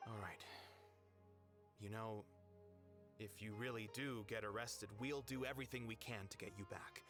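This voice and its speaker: A man voicing a kindly older man who speaks in a measured, concerned way, with game music behind. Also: fairly low pitch, fairly even intonation, lightly acted.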